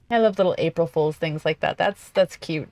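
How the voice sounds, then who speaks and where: A woman with a slightly low voice hosts a gameplay video. She chats casually and excitably, talking to herself as she plays. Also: dry recording. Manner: chatty, excitable, talks to herself while playing. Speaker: gaming video host.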